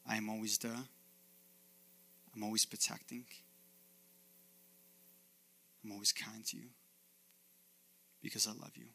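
Jesus voiced by a male preacher: hushed, tender, near whisper, low. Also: little pitch movement, normal speed, vocal fry, exaggerated voice. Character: close, gentle, loving male Jesus whispering.

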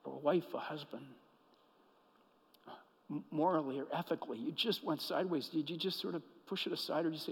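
A man preaching a sermon as pastor, telling stories and moving between hushed, intimate passages and emphatic, rising ones. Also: a little high, fairly even intonation, fairly quick, pauses often, slightly rough, long reverb tail, poor audio.

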